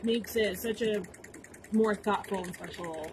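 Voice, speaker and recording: A woman's voice: mid-range voice, measured pace, slight background noise, poor audio. A woman hosting a shop livestream, chatting casually and playfully as she demonstrates machine embroidery. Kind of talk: livestream product demo chat. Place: sewing shop studio.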